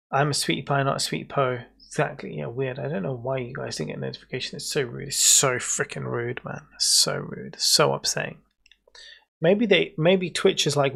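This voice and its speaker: A man's voice: medium pitch, gravelly, a bit bright. A British man chatting with his viewers in a jokey, rambling way while he plays a game. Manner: jokey, rambling banter with chat. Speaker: streamer. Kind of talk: casual livestream chat.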